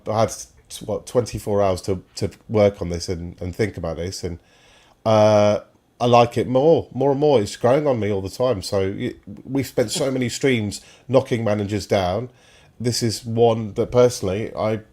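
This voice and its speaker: A man hosts a football stream and gives his opinions at length. He is emphatic and enthusiastic and often wanders off topic. His speaking voice sits fairly low. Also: dark tone. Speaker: football podcast host.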